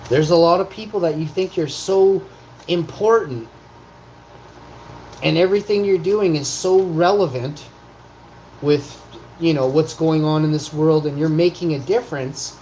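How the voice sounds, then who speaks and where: A man's voice: a little high, unhurried, pauses often, darkish tone. A man in his forties giving a confrontational, profane monologue as a vlog host, firing off rhetorical questions. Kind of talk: ranting monologue. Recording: roomy echo, faint noise.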